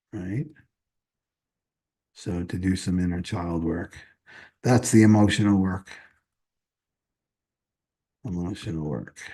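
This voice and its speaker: A man with a warm, medium-pitched voice gives a casual live astrology reading. He's chatty and loose, repeating himself and frequently tossing in "right?"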